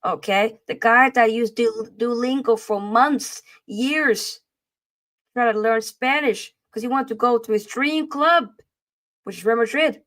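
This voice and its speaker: A woman's voice: a little high, unhurried, fairly bright tone. A woman co-hosting a casual football chat show, talking in a playful, trash-talking way full of slang. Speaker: podcast co-host.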